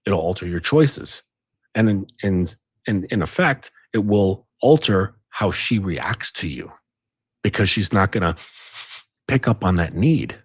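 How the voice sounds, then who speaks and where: Male coach, low husky voice, lively pitch, dry close sound. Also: a little slow, no room sound. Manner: insistent, repeats tag questions. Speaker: dating coach. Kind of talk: casual advice monologue.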